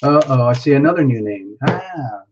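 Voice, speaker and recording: A man chats his way through a live tarot stream, thinking out loud and greeting viewers by name. The sound is dull and lo-fi, with a faint hiss of noise behind him. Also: mid-range voice, animated, moderate pace. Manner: chatty, self-talking, reads out viewer names.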